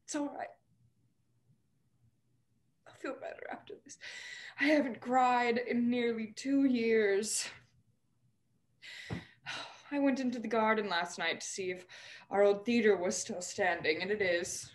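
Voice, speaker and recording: A young woman playing a troubled young actress in a stage drama over a video call, emotional and often dropping to a hushed near-whisper. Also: on the high side, steady tone, a little slow, pauses often, close to an everyday voice. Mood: wistful. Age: young adult. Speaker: student actor. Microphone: video call microphone.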